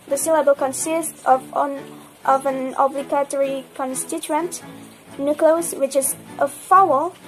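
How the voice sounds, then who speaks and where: A young Indonesian woman with an Indonesian accent carefully reads a class presentation, sometimes restarting words mid-phrase. Her voice is high and a little mellow, and the recording is rough.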